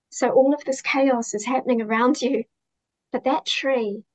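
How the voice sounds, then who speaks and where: Gentle, heartfelt woman with a higher, even voice. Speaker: interview guest. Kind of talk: reflective interview conversation.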